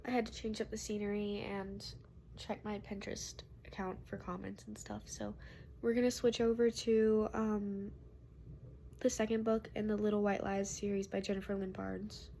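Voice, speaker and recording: A woman's voice: mid-range voice, little pitch movement, moderate pace, vocal fry, dark tone, slight background noise. A woman chatting casually to camera in her bedroom as a book vlogger, upbeat and often laughing. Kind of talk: casual vlog chat to camera.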